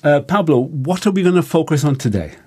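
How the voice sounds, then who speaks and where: A man's voice: fairly high pitch, big pitch swings, fairly quick, a little mellow, faint music behind. A man co-hosting a casual Spanish lesson as a learner, friendly, asking questions and practicing phrases. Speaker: co-host, learner.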